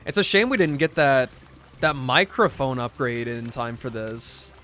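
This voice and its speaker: A man's voice: mid-range voice, animated, unhurried, pushed and bright, faint music behind. A young man chatting casually on a gaming livestream, laid-back, reading chat aloud as he plays. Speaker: streamer.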